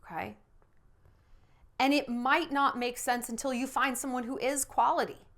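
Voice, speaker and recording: A woman's voice: fairly even intonation, normal speed. Blunt, sassy woman giving dating advice. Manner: blunt, sassy, talks straight to the viewer; acts out quoted voices with big swings in pitch and loudness. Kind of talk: direct-to-camera advice talk.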